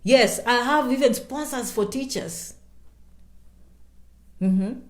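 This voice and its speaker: This is a woman hosting a casual livestream Q&A, her voice sitting slightly high. She is emphatic and self-promoting, repeats phrases, and calls herself by name. The room gives her voice a noticeable echo. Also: slow. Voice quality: animated, emphatic repetition. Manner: chatty, self-promoting, speaks of herself in third person. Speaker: YouTuber answering viewer questions.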